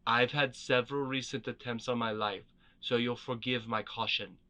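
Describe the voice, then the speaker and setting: A man voices a young queen in exile who is guarded and determined, pressing her case in a firm, urgent way. The voice is bright and forceful at a middle pitch. It is a read-aloud storybook. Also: fairly even intonation, moderate pace, lightly acted. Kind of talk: storybook character reading.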